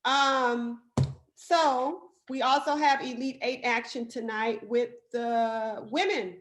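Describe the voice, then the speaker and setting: A woman co-hosting a casual talk show, chatting excitably about sports with frequent fillers. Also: fairly high pitch, slow. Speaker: co-host.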